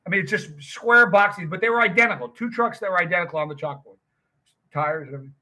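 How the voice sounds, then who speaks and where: A man's voice: sits high, quick pace, pushed and bright. A middle-aged man hosting a livestream, chatting casually with viewers and rambling through a story. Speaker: livestream host. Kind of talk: casual chat with live viewers.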